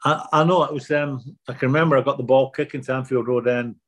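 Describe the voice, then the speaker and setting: An older man being interviewed, telling anecdotes in a relaxed, self-deprecating way. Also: medium pitch, quick pace. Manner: anecdotal, self-deprecating, repeats words when starting. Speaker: guest.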